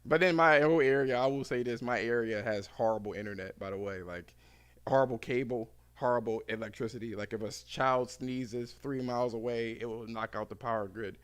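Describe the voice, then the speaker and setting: A man hosting a podcast who rambles through casual chat and swears freely. He talks at a mid pitch and laughs often. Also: brisk, clear, resonant tone. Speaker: podcast host.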